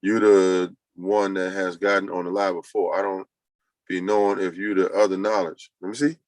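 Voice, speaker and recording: Low-voiced man rambling on a livestream. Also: level tone, moderate pace, no room sound, poor audio. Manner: loose, rambling, talks to chat and himself. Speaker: livestream host. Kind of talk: casual livestream chat.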